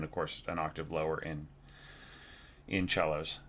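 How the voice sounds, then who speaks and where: A man with a bass voice, speaking a little slowly, teaches orchestration. He gives a relaxed spoken evaluation of a student's score, thinking aloud and humming phrases on nonsense syllables.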